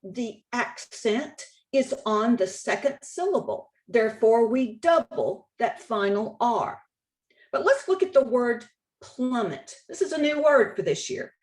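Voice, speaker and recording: A woman walks an audience through spelling rules slide by slide, leaning on the key words. Her voice sits a little high and she takes her time, often repeating a point so it sinks in. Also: sing-song, a little mellow. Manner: slow, deliberate, stresses key words and rules; repeats points for emphasis, occasional restarts. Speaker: state spelling contest director. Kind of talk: slide-based instructional presentation.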